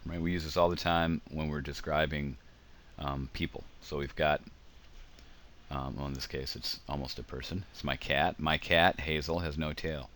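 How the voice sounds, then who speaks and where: A man's voice: very deep voice, fairly even intonation, moderate pace, a bit bright. A man giving a casual grammar lecture over slides, explaining with examples and frequent ums. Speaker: teacher.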